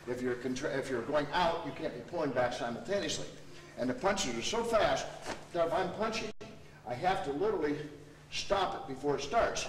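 Guy teaching a martial arts class, talking and showing moves, far from the mic, noisy background. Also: a little high. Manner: instructive, demonstrating while coaching students. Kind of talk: hands-on teaching demonstration. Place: training hall at a seminar. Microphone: camera mic from a distance. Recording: echoey hall from far off, noisy.

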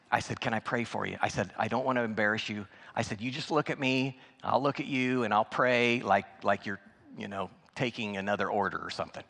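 Folksy preacher in a reverberant church. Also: male voice, lowish voice, gravelly, pushed and bright. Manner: folksy, anecdotal, conversational with many restarts. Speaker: guest preacher. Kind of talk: sermon storytelling. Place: church sanctuary.

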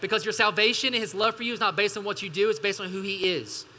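High-pitched, bright-voiced preaching pastor. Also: male voice. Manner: emphatic preaching with call-and-response asides. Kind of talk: sermon. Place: church hall. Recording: church hall reverb.

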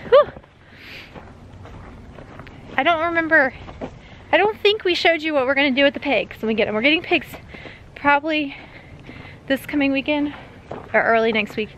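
A woman's voice: fairly high pitch, slight background noise, rough recording. Breathless Southern woman vlogging outdoors. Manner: chatty, calling out loudly for animals. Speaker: farm vlogger. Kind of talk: casual vlog walking the farm. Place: outdoors on a farm.

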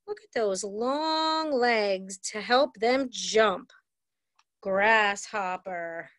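A woman leading a children's dance class over a video call, slow and cheerful. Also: medium pitch, animated, fairly bright tone, no echo, clean studio sound. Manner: cheerful, slow and sing-song with small children. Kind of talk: online kids' dance class.

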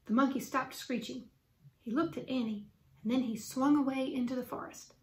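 A woman teacher reading a children's book aloud with lively, expressive storytelling. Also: high-pitched, normal speed. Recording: roomy echo.

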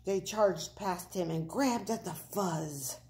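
A woman reading a children's picture book aloud, very expressive, with animated sound effects. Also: fairly low pitch, slow. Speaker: storybook reader.

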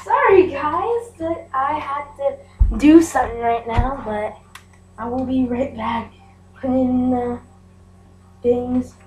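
A woman's voice: sits high, slow, long pauses, darkish tone, a little hiss or hum. A woman giving casual, chatty commentary as she plays a game, often giggling. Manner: chatty and giggly, narrating aloud. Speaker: gameplay video host.

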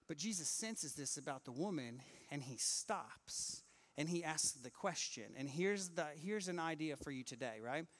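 A man preaching a sermon in church, lively and acting out the people in his stories. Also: fairly high pitch. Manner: animated, acts out quoted voices. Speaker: pastor.

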